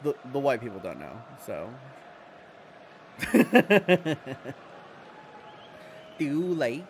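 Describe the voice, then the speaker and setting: A man's voice: medium pitch, sing-song, moderate pace, a little mellow, slight background noise. A young adult man with an American accent, hosting a casual livestream and chatting with viewers as he answers their comments. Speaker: livestream host.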